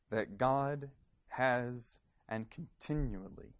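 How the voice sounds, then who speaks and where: A man's voice: mid-range voice, moderate pace, no room sound. A man preaching a sermon, earnest and questioning, sometimes repeating words as he starts a phrase. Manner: earnest, searching questions, some stammered repeats.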